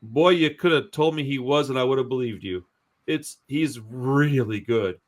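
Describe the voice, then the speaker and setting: A man's voice: mid-range voice, normal speed. A man hosting a movie podcast, telling long stories in a blunt, profane, rambling way. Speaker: podcast host. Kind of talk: casual chat, storytelling.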